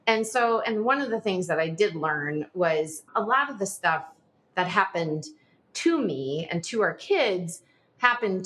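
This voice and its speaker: A woman in her forties, appearing as a podcast guest, shares a personal story in a loose, chatty interview style with a slightly bright tone. Her pitch rises and falls widely, and she peppers her phrases with "like" and little nervous laughs.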